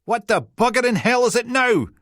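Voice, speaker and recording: A man's voice: very high-pitched, expressive, normal speed, fairly bright tone, no room sound, studio quality, pitched above the performer's own voice. A man voicing a cranky, cursing woman answering an intercom. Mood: angry. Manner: snappy, cursing.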